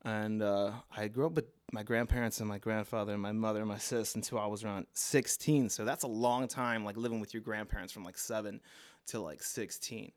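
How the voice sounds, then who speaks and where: A man in his thirties with a Baltimore accent guests on a casual podcast, telling loose, laid-back stories full of fillers and laughs. His voice is fairly low, clear and resonant, with fairly even intonation and a fairly quick pace.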